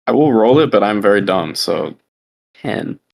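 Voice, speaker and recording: A player in a tabletop game with a slow, self-mocking drawl. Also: low voice, animated, vocal fry, darkish tone. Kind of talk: casual tabletop game play.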